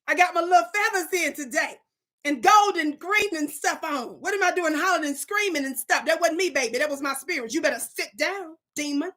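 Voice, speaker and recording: A woman's voice: extremely high pitch, lively intonation, fairly quick, sharp tone. A woman hosting her own online show, talking to her live chat in an emphatic, preacher-like way and scolding commenters.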